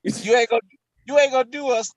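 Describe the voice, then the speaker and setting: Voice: sits high, steady tone, fast talker. A speaker in a casual podcast chat, making blunt, teasing asides.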